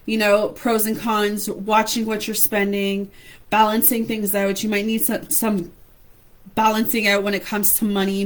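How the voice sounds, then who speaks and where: A woman's voice: mid-range voice, slight background noise, rough recording. Chatty woman doing a live tarot reading. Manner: chatty, addresses viewers by name with endearments. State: losing her voice. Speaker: tarot reader.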